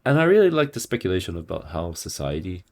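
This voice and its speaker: A man's voice: low-pitched, fast. A man co-hosting a book podcast, telling stories with laughter and playful mimicry. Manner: animated storyteller, laughs, mimics voices. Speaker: podcast co-host. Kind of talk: casual chat about books.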